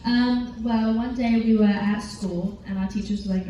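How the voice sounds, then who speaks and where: Teen girl, English accent, giggly, rambling, convention panel, mellow, very echoey hall, faint noise. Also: mid-range voice, fairly even intonation, normal speed, hardly any pauses, distant mic, muffled recording. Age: teens. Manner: chatty, giggly, rambling with fillers. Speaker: actress, panel guest.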